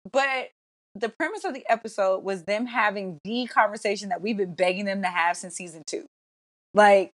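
A woman co-hosting a casual podcast, brash and profane, talking in an animated, teasing way. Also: medium pitch. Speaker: podcast co-host.

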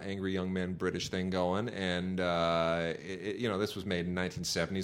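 Low-voiced with a fairly bright edge, this middle-aged podcast co-host chats casually about home video releases. Sarcasm and enthusiasm mix as he stumbles through plenty of fillers and false starts on the talk show.

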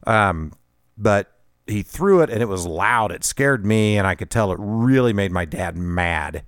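A man's voice: on the low side, lively intonation, a little slow, no echo, studio quality. A middle-aged man hosting a podcast, telling a personal story in a conversational, self-deprecating way with frequent laughs. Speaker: podcast host.

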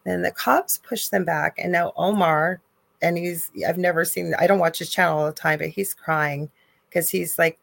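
A woman's voice: on the low side, a little slow, vocal fry, no room sound. A woman co-hosting a live talk show, telling a story with strong emotion and animation. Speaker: co-host. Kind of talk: live call-in chat.

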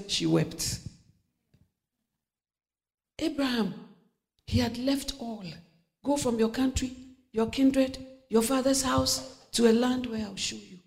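A woman's voice: on the high side, measured pace, creaky, long pauses, a little mellow. A middle-aged woman preaching a sermon, telling stories with laughter, acting out voices and dropping to near-whispers.

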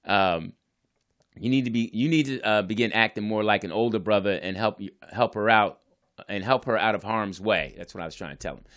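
A man's voice: fairly low pitch, a little fast, fairly bright tone. A divorced father telling his family story in a casual, earnest, rambling way, often restarting his sentences.

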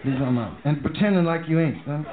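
A man's voice: fairly high pitch, fast talker. A man performing a stand-up comedy set, telling loose, profane stories and acting out voices. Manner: loose, profane, animated storytelling with acted-out voices. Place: comedy club stage. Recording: echoey club over a tinny phone line with loud crowd. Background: audience laughter and room noise.

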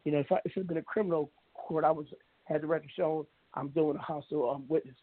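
A man's voice: fairly high pitch, fairly even intonation, quick pace, no echo. A man hosting an internet radio talk show, speaking in a blunt, meandering monologue full of restarts and fillers. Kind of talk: rambling monologue. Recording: narrow phone-like sound.

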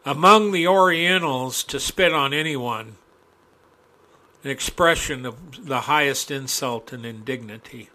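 A male preacher delivering a sermon, reading scripture aloud and breaking into folksy asides, climbing to loud, impassioned peaks. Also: medium pitch, measured pace.

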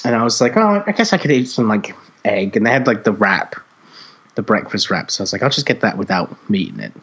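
A husky man spins a long, swear-filled anecdote on a podcast, his pitch leaping up and down as he acts out the people in it. The recording sounds dull and lo-fi. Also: big pitch swings, fairly quick, a bit bright. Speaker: podcast co-host. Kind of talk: casual storytelling chat.

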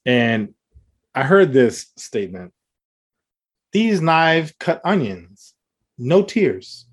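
A man's voice: mid-range voice, sing-song, extremely slow, husky. A man co-hosting a casual comedy chat, telling loose stories, laughing often and acting out the people he quotes. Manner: laid-back storyteller who laughs often and acts out quoted lines.

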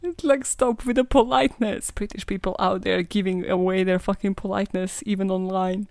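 A woman hosting a podcast with a gravelly fry, recounting a true-crime case in a loose, sarcastic, foul-mouthed way. Her voice sits at a middle pitch and sounds dry and close, with no room around it. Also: steady tone, fairly quick, darkish tone, no echo. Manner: profane, sarcastic, laughs often. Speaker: podcast host. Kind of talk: casual true-crime storytelling.

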